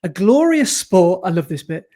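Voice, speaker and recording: A man co-hosting a podcast, chatting casually and reading listener emails aloud, animated and quick to laugh. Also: high voice. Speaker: podcast co-host.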